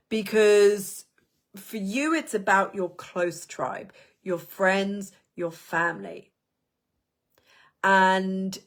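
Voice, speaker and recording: A woman coaching a business workshop, talking in an animated, emphatic way and repeating words for emphasis. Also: mid-range voice. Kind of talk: teaching a workshop lesson.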